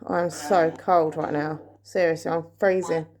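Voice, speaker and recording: A woman vlogging a paranormal session at home, talking quietly and nervously as she calls out questions to spirits. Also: deep voice, flat delivery, a little slow. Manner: hushed, nervous, asking questions into the dark. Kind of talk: ghost-hunting session vlog.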